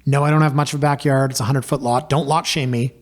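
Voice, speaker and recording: A man's voice: medium pitch, fairly even intonation, fast talker. A man, a podcast host telling a personal story in a wry, self-deprecating way. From Canada. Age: 40s.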